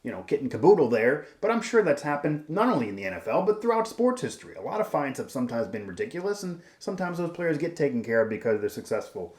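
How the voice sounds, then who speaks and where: A man's voice: a little high, sing-song, fast, few pauses, darkish tone, echoey room. A man hosting a sports show, giving emphatic, rambling opinion commentary with frequent restarts.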